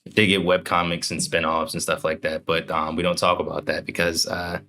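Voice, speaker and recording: A young man co-hosts a casual podcast, talking in a loose, rambling way and joking as he goes. His voice sits low and deep, with a bright, forceful edge. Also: little pitch movement, fairly quick. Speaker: podcast co-host.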